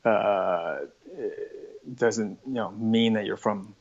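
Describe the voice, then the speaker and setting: A man's voice: on the low side, steady tone, slow pace, vocal fry, lo-fi sound. A man with a North American accent, a guest chatting casually and thinking aloud, often restarting his sentences. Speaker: interview guest. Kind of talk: casual conversation.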